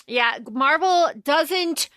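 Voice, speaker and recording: High bright woman podcaster, animated movie recap, dry close sound. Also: very slow, no room sound. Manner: animated retelling, acting out lines, swearing freely. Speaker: podcast co-host. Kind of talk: casual movie recap chat.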